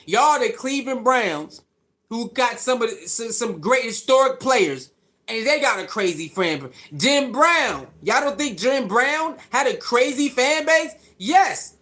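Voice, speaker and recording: A man delivers a heated sports rant in a high voice that swings widely up and down. He sounds exasperated and scolding, hammering his points again and again. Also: a bit bright. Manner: ranting, exasperated, mocks critics in put-on voices. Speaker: sports commentary host.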